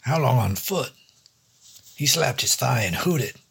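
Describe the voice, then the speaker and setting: A man's voice: medium pitch, animated, a little slow, vocal fry, fairly bright tone, breathy edge. A man narrating a hard-boiled noir story in a dry, wry first-person detective voice. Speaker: storyteller and host.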